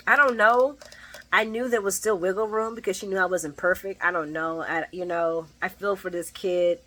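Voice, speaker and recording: Bright-voiced, profane woman recapping soaps. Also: lowish voice, rough recording. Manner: profane, animated, laughing asides. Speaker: soap opera recap vlogger. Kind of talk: casual chat, daily recap.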